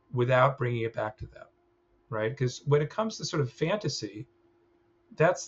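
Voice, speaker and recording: A man's voice: medium pitch, breathy edge. A man teaching a clinical training session, explaining ideas in a loose, conversational way and often checking in with "right?". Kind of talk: recorded training lecture. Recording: slightly dull sound with faint ambience.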